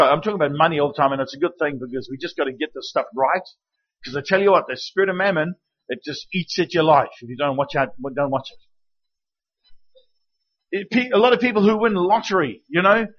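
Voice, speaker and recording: High-voiced man preaching with animation. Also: brisk. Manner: animated storytelling with acted quotes. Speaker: guest preacher. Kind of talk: sermon. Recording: dull lo-fi recording.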